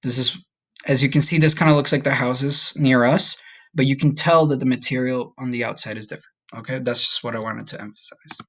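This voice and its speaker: A man's voice: medium pitch, fairly even intonation, brisk, a bit bright. A man teaching a recorded Spanish lesson to his class, friendly and checking in often with "okay?". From United States.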